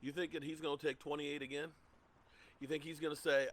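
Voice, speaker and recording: A man's voice: on the high side, flat delivery, fairly quick. A middle-aged man hosting a sports livestream, ranting heatedly and repeating himself as he gets worked up. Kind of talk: heated rant.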